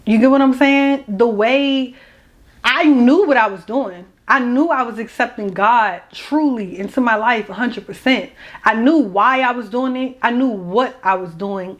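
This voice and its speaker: Young woman, slightly high voice, rambling, candid, emotional vlog. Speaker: vlogger.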